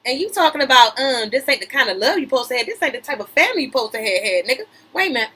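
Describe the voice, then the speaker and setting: A woman's voice: high voice, big pitch swings, rapid-fire, hardly any pauses, sharp tone, husky, low-quality recording. A young adult woman hosting a podcast, reading celebrity news aloud and riffing on it animatedly, cutting in on herself with repeated "wait a minute"s and slang. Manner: reads news aloud then riffs with slang and laughter. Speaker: podcast host. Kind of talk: gossip commentary.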